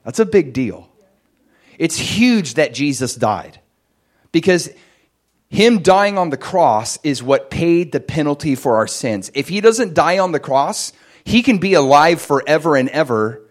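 Animated man preaching. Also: a little slow. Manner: animated storytelling, jumps much higher and louder in excited moments. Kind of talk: sermon with personal testimony.

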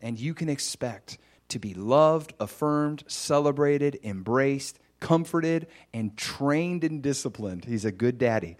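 A man preaching a sermon, telling a personal testimony in an animated storytelling way, with sudden high, excited bursts. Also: slow, few pauses.

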